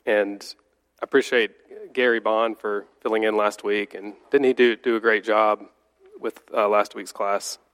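A man with a low voice and a congested, slightly nasal sound leads a church Bible class while getting over a cold. He speaks in a relaxed, conversational way, full of ums and restarts as he walks through the lesson. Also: moderate pace, clear, resonant tone. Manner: conversational, with frequent fillers and restarts.

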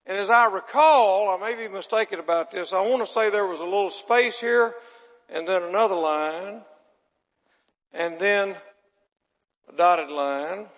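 A man with a high-pitched, somewhat bright voice preaches a folksy sermon, chatting with his audience, quizzing them with questions and poking fun at himself. The recording carries long hall reverb.

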